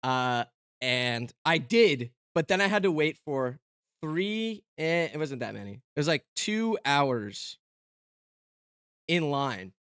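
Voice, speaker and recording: A man's voice: on the high side, sing-song, takes it slowly, fairly bright tone, smooth, dry recording, studio quality. A young man streaming casually, rambling with fillers and restarts, joking and poking fun at himself. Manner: joking, self-mocking.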